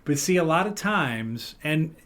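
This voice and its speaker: A man's voice: fairly high pitch, lively intonation, unhurried, a bit bright. A man with a Midwestern American accent hosting a podcast, jokey and loose in casual chat in a studio. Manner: jokey, loose, with fillers and laughs. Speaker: podcast host.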